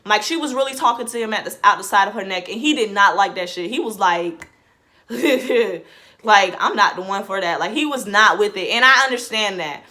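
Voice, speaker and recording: A woman's voice: mid-range voice, moderate pace, bright, forceful tone. A woman vlogger giving a casual reaction commentary. She talks in a rambling, chatty way, says "like" in almost every phrase and often restarts her sentences.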